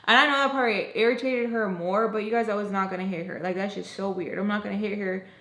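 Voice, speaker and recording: A woman's voice: medium pitch, fast. A young woman tells a personal storytime to her viewers in a loose, chatty voice, leaning on "like" and "you guys" as she goes. She slips into the lines of the people in her story as she retells them. The room around her gives a noticeable echo. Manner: expressive, retelling scenes with quoted dialogue. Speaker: storytime vlogger. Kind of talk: casual storytime narration. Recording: roomy echo.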